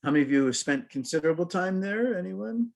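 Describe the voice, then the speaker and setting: An American man, a rabbi, giving a storytelling sermon to a congregation with humor and lively questions. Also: high-pitched, quick pace, gravelly. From United States.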